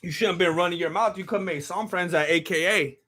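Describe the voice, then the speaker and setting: Male live-stream fight host, high and bright, excitable and rambling. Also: brisk. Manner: excitable, rambling, many restarts, bursts of shouting. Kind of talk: casual live commentary.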